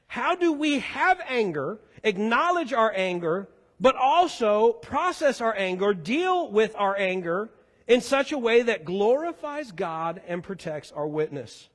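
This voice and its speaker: A man's voice: sits high, sing-song, a little slow, fairly bright tone. A man preaching a sermon as pastor in a church sanctuary, talking in a conversational, joking way. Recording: echoey hall.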